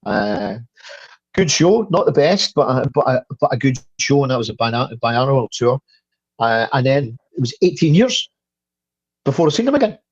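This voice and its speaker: A man's voice: medium pitch, very animated, normal speed, breathy edge, dry recording, lo-fi sound. A Scottish man in his fifties, a guest telling a story in casual conversation, full of stuttered restarts and the odd swear. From Scotland. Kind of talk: casual interview chat.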